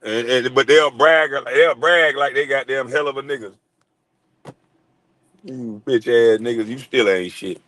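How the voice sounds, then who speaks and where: A man's voice: medium pitch, measured pace, fairly bright tone. A man on a live stream, ranting casually with lots of cursing, laughing and mocking impressions of other people. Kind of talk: profane ranting monologue.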